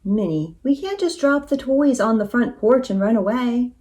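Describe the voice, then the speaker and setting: A woman's voice: fairly high pitch, animated, normal speed, dark tone, pitched above the performer's own voice, close to an everyday voice. A woman voicing a cheerful, confident female cow full of plans in a storybook. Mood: eager. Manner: eager, confident.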